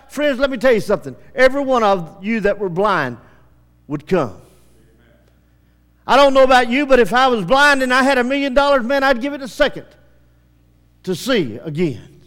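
Male preacher, very high voice, fervent revival sermon, hushed to shouting, long hall reverb. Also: very animated, moderate pace, long pauses. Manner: impassioned, swings from hushed to shouting. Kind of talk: evangelistic sermon. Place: church service.

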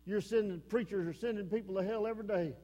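A man with an East Texas accent preaching a fiery sermon as pastor, swinging between shouted warnings and low, earnest pleading. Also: fast talker. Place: church sanctuary. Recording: long hall reverb.

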